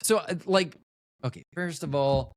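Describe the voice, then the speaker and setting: A man's voice: a little high, unhurried, no room sound, clean studio sound. A man hosting a casual solo podcast, rambling and joking with offhand profanity, often cutting himself off mid-thought. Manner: rambling, self-interrupting, trails off mid-thought. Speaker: podcast host.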